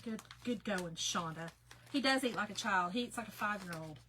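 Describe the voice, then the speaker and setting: A woman's voice: medium pitch, normal speed, pushed and bright, a little hiss or hum, poor audio. A woman, chatting casually to viewers in her own folksy, talkative way while she works on a craft project. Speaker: craft livestream host.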